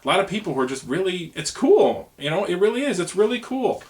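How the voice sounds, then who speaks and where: A man speaks casually to the camera, sincere and a little scattered, his sentences looping back with "you know" as he explains his plans. His voice sits a touch high for a man. He sounds like an ordinary working guy making his own campaign video. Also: big pitch swings, quick pace, darkish tone, a little hiss or hum. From United States. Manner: earnest, rambling, conversational, many "you know"s. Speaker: truck driver running for president.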